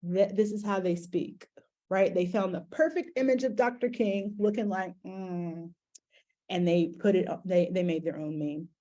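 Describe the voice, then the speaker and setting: A woman's voice: mid-range voice, unhurried, dark tone. A middle-aged woman educator giving a conversational talk to an audience, with frequent fillers and restarts. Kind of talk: conference talk presentation.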